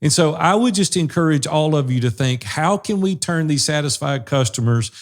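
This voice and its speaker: A man's voice: fairly high pitch, expressive, moderate pace. A man co-hosting a business podcast who affirms his partner and encourages the listeners. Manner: affirming, encouraging, poses questions. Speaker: podcast co-host. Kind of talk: casual business podcast chat.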